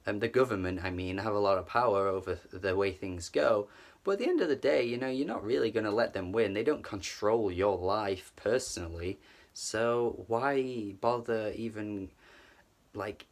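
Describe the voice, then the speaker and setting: A man's voice: fairly low pitch, normal speed. A man talking through an album review in a loose, casual way. He is enthusiastic, swears freely and often stumbles over his words.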